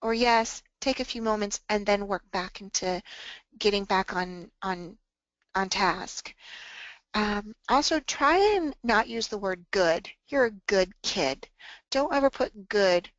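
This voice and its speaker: A woman presenting a workshop on tutoring, talking calmly and earnestly and acting out phrases to say to students. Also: medium pitch, takes it slowly, dry recording, highs cut off. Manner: calm, earnest, acts out example phrases to students. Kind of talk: workshop talk.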